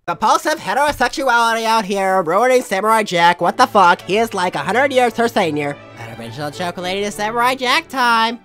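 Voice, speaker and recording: Young woman, comedic post reader, dry sarcastic delivery, bouncy animated pitch, mid-range voice. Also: moderate pace, hardly any pauses, faint music behind. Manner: dry sarcastic reading with sudden swings into exaggerated outrage. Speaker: host reading posts aloud. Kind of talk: comedic reading of online posts.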